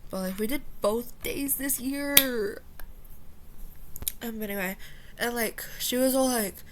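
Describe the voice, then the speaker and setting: A teenage girl ranting casually to her viewers, rambling and profane with lots of filler words, jumping between loud outbursts and quiet muttering. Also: fairly high pitch, slow, heavy background noise. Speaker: vlogger. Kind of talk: casual rant to camera.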